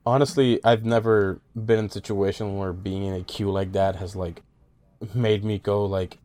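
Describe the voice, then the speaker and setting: A man's voice: fairly low pitch, fairly even intonation, moderate pace, a little mellow. A man co-hosting a podcast, chatting casually in a laid-back way with short reactions. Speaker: podcast co-host. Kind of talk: casual chat.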